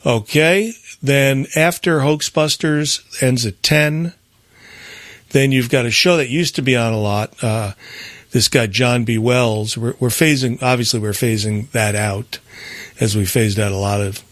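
A man's voice: medium pitch, a little slow, a bit bright, no room sound. Rambling male radio host, dry sound. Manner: rambling, with frequent fillers and restarts. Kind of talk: casual radio announcement.

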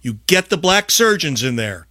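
A man hosting a podcast, talking in an emphatic, rambling way with big swings in loudness. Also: a little high, sing-song, moderate pace, dry recording, clean studio sound. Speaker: podcast host. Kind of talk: casual podcast talk.

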